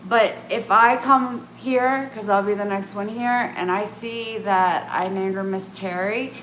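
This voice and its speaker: Woman vlogger talking slow, keeps cutting herself off, echoey room w faint background noise. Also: medium pitch, steady tone, a bit bright. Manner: meandering, self-interrupting, candid. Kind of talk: casual rambling chat to camera.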